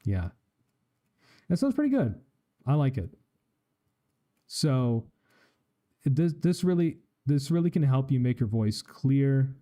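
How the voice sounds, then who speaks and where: A man talks through audio settings in a relaxed, explanatory way, as if demonstrating live on a stream. His voice is very dark and mellow, sitting at an ordinary middle pitch. He speaks into a studio microphone in his home streaming room. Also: slow, pauses often. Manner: explanatory, casual, tests mic with test phrases. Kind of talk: live-stream tech tutorial. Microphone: studio microphone with live effects.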